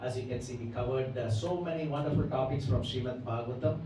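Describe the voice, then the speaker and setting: A man's voice: mid-range voice, fast talker, background noise. A man giving a devotional scripture lecture, explaining at length and often checking in with his listeners. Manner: explanatory, often checks in with the audience by asking "right?". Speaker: Bhagavatam class lecturer. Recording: echoey hall, mic far off.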